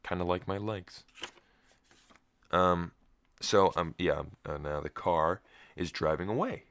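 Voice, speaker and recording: A man's voice: low-pitched, slow pace, a bit bright. A young man hosting a solo podcast, groggy and just woken up with a cracking voice, telling a rambling story with wry asides. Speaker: podcast host.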